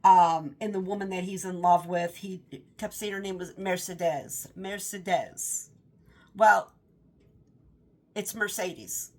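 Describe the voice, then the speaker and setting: A woman's voice: mid-range voice, fairly even intonation, measured pace, a little mellow. A woman giving a casual, rambling book review, often stopping to correct herself. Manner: rambling, self-correcting with fillers.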